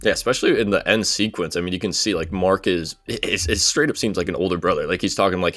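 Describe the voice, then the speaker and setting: A man co-hosting a podcast, talking casually and loosely, and getting lively when something strikes him as funny. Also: low-pitched, quick pace, dry recording. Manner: relaxed, rambling, gets animated when amused. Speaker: podcast co-host. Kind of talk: casual chat.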